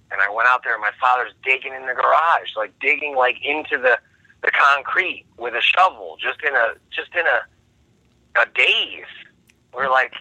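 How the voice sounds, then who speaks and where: A man's voice: medium pitch, pushed and bright, no echo, rough recording. A man guest on a podcast, talking earnestly and reflectively in casual chat.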